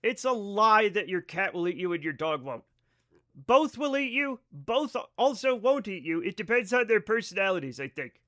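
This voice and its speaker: High, bright-voiced rambling male streamer. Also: big pitch swings, moderate pace. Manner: rambling, swears freely, talks to chat. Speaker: livestreamer. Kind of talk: casual live-stream chat over gameplay.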